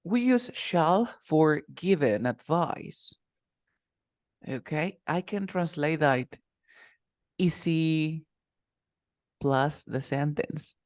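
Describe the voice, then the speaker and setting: A man's voice: fairly high pitch, expressive, very slow, long pauses, darkish tone, no room sound, studio quality. A man teaching English one-to-one online, patiently repeating example phrases.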